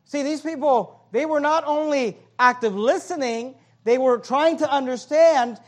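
A man preaching a sermon in numbered points, animated and joking, acting out the voices of others in asides. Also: very high voice, unhurried. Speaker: pastor.

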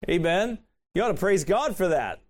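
Male preacher, high voice, casual sermon delivery with rhetorical questions. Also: lively intonation, moderate pace.

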